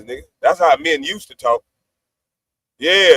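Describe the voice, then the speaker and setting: A man's voice: high-pitched, animated, moderate pace, long pauses, fairly bright tone. A middle-aged man hosting a livestream, ranting boastfully and profanely at his critics. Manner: boastful, profane, trash-talking. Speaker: livestream host. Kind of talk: brash livestream rant.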